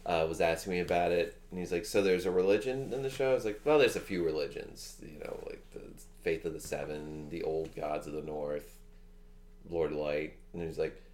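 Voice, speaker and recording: A man's voice: low voice, moderate pace, a little mellow. A man in his thirties telling rambling, profane stories in a casual chat, full of fillers. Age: 30s.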